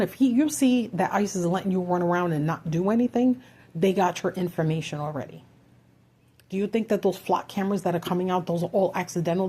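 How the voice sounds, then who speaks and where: A woman talks straight to her followers in an angry, urgent rant, firing off rhetorical questions and the odd curse. Her voice sits a little low and husky, with a mellow, dark tone. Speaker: vlogger. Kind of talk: impassioned political rant.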